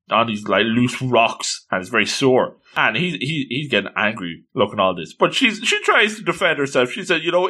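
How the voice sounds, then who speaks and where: Lively man excitedly recapping a comic. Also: mid-range voice. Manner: enthusiastic, exclaims often. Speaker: manga reviewer. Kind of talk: casual retelling of a comic.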